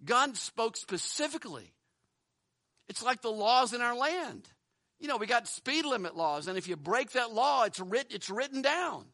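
A man's voice: very high-pitched, sing-song, normal speed, pushed and bright, dry recording. A pastor preaching a sermon in a church, earnest and pleading, often repeating words as he restarts. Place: church building.

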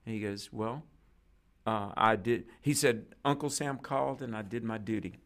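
A man's voice: fairly low pitch, moderate pace. A man, a preacher, telling a story in conversation and acting out the lines of the people in it. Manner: animated storyteller acting out quoted dialogue. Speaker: guest preacher.

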